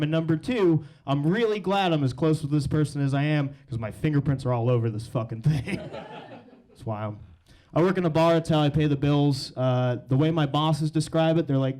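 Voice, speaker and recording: A young man performing a deadpan stand-up set in front of a live audience, telling crude stories. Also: a little high. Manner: deadpan storytelling, crude punchlines. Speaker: stand-up comedian. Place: comedy stage with live audience.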